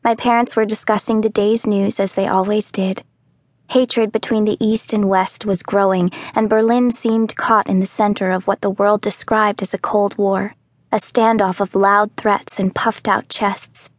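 A woman narrating a children's audiobook in the first person, telling the story calmly and clearly. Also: mid-range voice, moderate pace, no room sound. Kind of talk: scripted narration.

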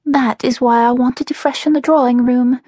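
A woman doing a high, breathless young Melody. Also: expressive, normal speed, darkish tone, breathy edge, no echo, studio quality. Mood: wistful. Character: excitable young woman, dramatic and wistful. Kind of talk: audiobook character voice.

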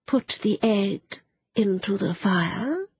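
A stately magical phoenix from a storybook, as a woman narrator puts it on, drawing out each word slowly and grandly in a high, lifted voice. The sound is dry and a little dull, with a breathy edge. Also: expressive, full character voice. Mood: lofty. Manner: slow, lofty and drawn out.

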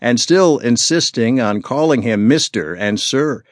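A man narrating an audiobook with measured, expressive storytelling. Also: mid-range voice, no echo, clean studio sound. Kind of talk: scripted narration.

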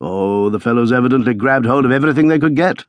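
A man's voice: medium pitch, quick pace, no echo, pitched above the performer's own voice, natural voice. A man doing a bluff older country colonel.

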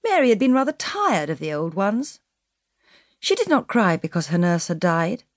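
A woman narrating a classic children's novel as an audiobook, expressive and slowing for emphasis. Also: fairly low pitch, no room sound, clean studio sound. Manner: expressive storytelling, slows for emphasis.

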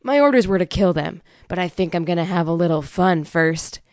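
A woman's voice: on the low side, expressive, a little fast, darkish tone, no echo, studio quality. A woman voicing a brutal, taunting hitman. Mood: menacing. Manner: taunting, threatening. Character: brutal menacing male hitman.

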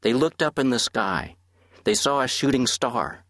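A gentle seven-year-old boy soothes his little brother with a bedtime tale, as a man narrating an audiobook puts him on. The voice is lifted well above a deep, husky reader's own, with a dry, close sound. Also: very animated, a little slow, no room sound, exaggerated voice. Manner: soft, reassuring storytelling.

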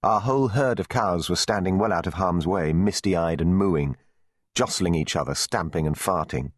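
A man narrating an audiobook for children with lively storytelling. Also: sits low, normal speed, no room sound, clean studio sound. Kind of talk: scripted narration.

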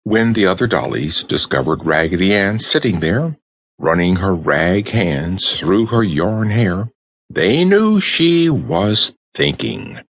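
A man narrating a children's storybook audiobook with expressive storytelling. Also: deep voice, takes it slowly, dry recording.

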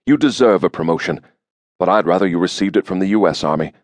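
A narrator plays a reserved general who speaks in a measured, quiet way. The voice stays deep and low, in a dry, close recording. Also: male voice, expressive, no echo. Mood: somber. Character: grave male general, reserved. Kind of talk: audiobook character voice.

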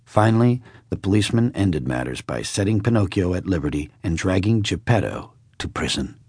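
Low husky-voiced male storyteller. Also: animated, brisk, a little mellow. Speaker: audiobook narrator. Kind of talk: storybook narration.

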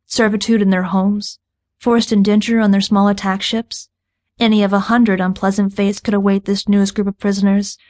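Woman audiobook narrator, medium pitch, flat and steady first-person delivery for sci-fi. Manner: steady, even reading.

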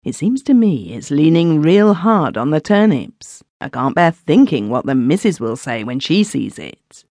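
Woman doing a worried rustic landlord, country talk, kinda gravelly, lively pitch. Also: unhurried, no room sound, studio quality, full character voice. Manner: homely country speech. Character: worried rustic village landlord, plain-spoken man.

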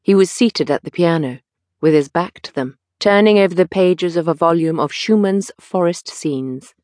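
A woman narrating a classic novel audiobook in a measured, expressive reading. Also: on the low side, dry recording, clean studio sound. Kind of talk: scripted narration.

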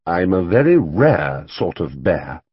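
A man playing a small, polite young male bear in a storybook, earnest and a little proud of himself. His voice is husky and swoops widely. The recording is dull and dry. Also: fairly low pitch, very animated, normal speed, dry recording, exaggerated voice. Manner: proud, well-mannered and earnest. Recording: dull, dry studio audiobook read.

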